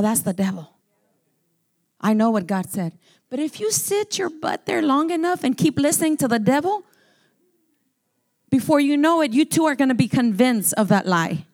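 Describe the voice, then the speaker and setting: A woman pastor preaching a sermon with emphatic, fervent delivery that rises to firm commands. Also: high-pitched.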